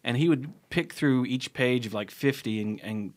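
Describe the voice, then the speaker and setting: A man with a Cincinnati accent, a comedian co-hosting a podcast, telling rambling anecdotes with quick restarts. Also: medium pitch. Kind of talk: casual storytelling chat. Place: podcast studio. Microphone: studio mic.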